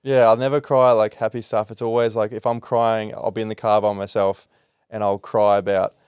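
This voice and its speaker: A low-pitched man hosting a podcast. He speaks candidly and reflectively, with many fillers and restarts, in a loose, unscripted flow. The voice sits close and dry, with no room sound around it. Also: little pitch movement, brisk, darkish tone, clear, resonant tone, no room sound. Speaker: podcast host. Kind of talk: open, emotional podcast conversation.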